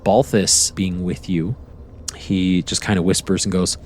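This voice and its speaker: A man narrating a tabletop game as game master, rambling in a relaxed way. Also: deep voice, unhurried, slight background noise.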